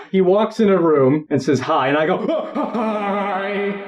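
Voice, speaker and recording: A man's voice: fairly high pitch, a little slow, muffled recording, a little hiss or hum. A young man telling a funny story on a podcast, acting out the voices of people in it and laughing often. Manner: animated, acts out quoted voices, laughs often. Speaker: podcast host. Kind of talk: casual storytelling chat.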